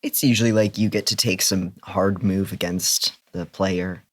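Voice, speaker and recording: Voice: deep voice, steady tone, normal speed. A tabletop role-playing game player who explains rules in a casual chat.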